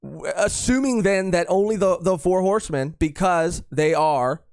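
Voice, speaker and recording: A man's voice: sits high, moderate pace, a little mellow, clear, resonant tone, dry recording, clean studio sound. A man co-hosting a podcast live stream, chatting casually and rambling with lots of fillers and repeated phrases. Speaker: podcast co-host.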